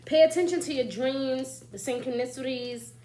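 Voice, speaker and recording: A woman with a high voice, speaking at normal speed against a noisy background, offers casual, chatty spiritual advice as an astrology reader. She laughs lightly as she talks and often tags on "right?" and "you know?"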